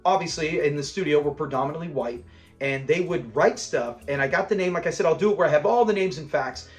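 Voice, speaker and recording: Recapping a classic sitcom episode, this high-voiced host talks quickly and loosely, clearly enthusiastic. He laughs his way through favourite moments as faint music plays underneath, in a casual episode breakdown.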